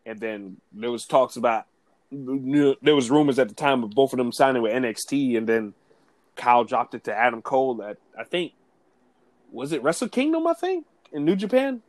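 A man chatting casually on a podcast in a relaxed, easygoing way with plenty of filler words. His voice sits in a middle pitch. The recording is dry and close, with no room around it. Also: moderate pace, no room sound. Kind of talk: casual wrestling podcast chat.

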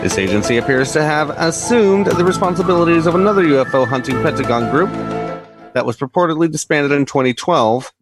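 A man's voice: on the high side, animated, brisk, music in the background. A man reading a news story aloud on a comedy podcast in a newsy, slightly wry way.

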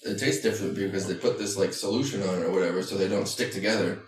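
A man with a low voice talks in a laid-back, chuckling way on a casual podcast. He sits away from the mic, and the room echoes around him. Faint noise hangs in the background. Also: fast, far from the mic. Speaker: podcast co-host. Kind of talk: casual chat.

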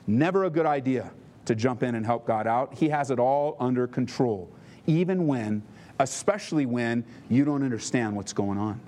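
A man's voice: medium pitch, moderate pace, dark tone. A male pastor giving a conversational sermon, often asking the congregation questions. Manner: conversational, asks the listeners questions.

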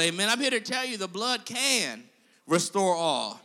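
Man, preacher, impassioned sermon, piercing bright tone, church echo. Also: sits high, very animated, unhurried. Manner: impassioned, calls to the congregation.

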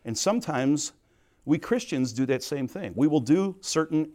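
A man's voice: on the high side, expressive, normal speed, a little mellow. Middle-aged man, Bible study teacher, earnest, conversational, storytelling. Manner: earnest, storytelling with plain asides. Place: Christian camp.

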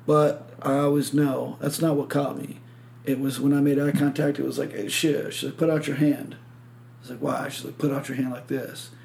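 Gravelly man telling a rambling story. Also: medium pitch, level tone, moderate pace, a little mellow, a little hiss or hum. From Michigan. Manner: rambling storyteller, swears a lot, acts out quotes. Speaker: podcast host. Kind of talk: casual chat.

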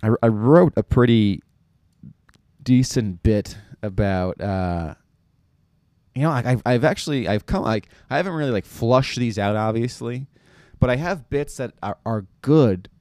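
A man's voice: medium pitch, expressive, unhurried, darkish tone, no room sound. A young man from New York, rambling through a casual comedic monologue with lots of fillers and restarts. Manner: rambling, self-deprecating, many fillers and restarts.

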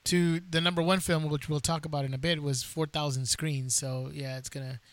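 A man co-hosting a casual podcast, talking in a loose, chatty way. His voice sits a little high, and the recording is close and dry. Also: fairly even intonation, fairly quick, no echo. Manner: chatty, loose, lots of "dude" and "like". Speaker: podcast co-host.

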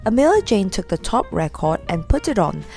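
A woman reading a children's story aloud in a lively, expressive way. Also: medium pitch, a little fast, creaky, faint music behind.

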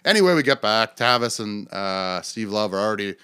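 A man in his forties, a comedian hosting a podcast, telling a rowdy story in a casual, swearing, animated way. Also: a little fast, smooth, dry recording, clean studio sound. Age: 40s. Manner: animated, swearing, acts out quoted voices with jumps in pitch.

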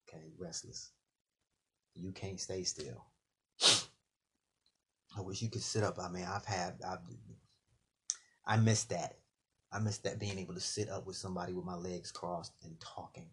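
A man in a casual late-night monologue, an animated storyteller who acts out bits of dialogue. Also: low voice, a little hiss or hum.

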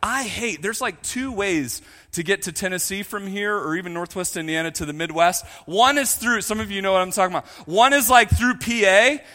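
A man's voice: high voice, brisk, hardly any pauses, big-room sound. A man preaching a sermon, joking with his congregation and talking to them directly. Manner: jokey, animated, talks to the congregation. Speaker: pastor.

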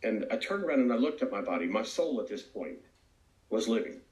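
A man's voice: on the low side, sing-song, a little fast, a little mellow. A man giving an earnest, reflective personal testimony as a recovery speaker. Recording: roomy echo.

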